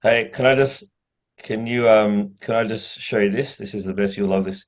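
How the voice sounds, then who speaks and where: A man's voice: fairly low pitch, normal speed. Playful man teasing friends. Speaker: podcast co-host. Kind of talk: casual chat.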